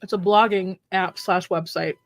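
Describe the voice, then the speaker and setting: Wry, relaxed woman chatting on a stream. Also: medium pitch, normal speed, dry recording. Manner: relaxed and wry, self-deprecating. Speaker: co-host, romance author. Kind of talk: casual chat on a livestream. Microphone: remote online call.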